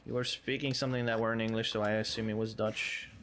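A man's voice: lowish voice, level tone, fast talker, noisy background. A man commentating a game as he plays, swearing and exasperated, taunting the enemies on screen. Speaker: let's play gamer. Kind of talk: casual gameplay commentary.

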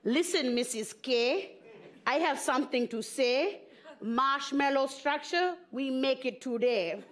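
A woman's voice: a little high, a little slow, some chatter behind, lightly acted. A woman voicing her stern immigrant mother, who speaks blunt broken English and hammers the same phrase again and again. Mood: insistent.

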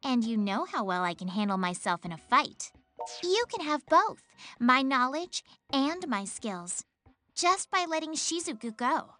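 A woman voicing a cool, scheming young idol in a video game, who talks in a teasing, condescending, measured way. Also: sits high, very animated, bright, forceful tone, full character voice. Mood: coolly taunting.

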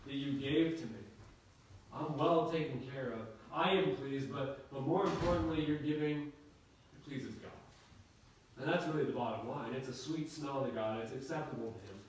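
A man preaching a sermon to his congregation, conversational and warm in delivery, often restarting his phrases. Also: mid-range voice, slight background noise. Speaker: pastor. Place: church sanctuary. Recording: echoey hall from far off.

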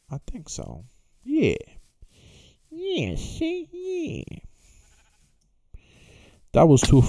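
A man's voice: medium pitch, gravelly, warm tone, dry recording, clean studio sound. A young man giving casual, jokey gameplay commentary, talking to himself and to the characters in the game. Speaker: gaming YouTuber.

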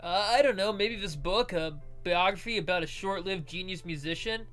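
A man's voice: high voice, normal speed, fairly bright tone, soft background music. A man voicing a shy bookish teenage boy. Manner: dreamy, flustered.

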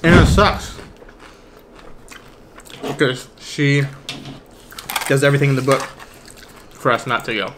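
A man's voice: mid-range voice, a little slow, pauses often, background noise. A man co-hosting an eating show, chatting casually and teasing as he eats. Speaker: mukbang co-host. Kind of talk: casual chat while eating.

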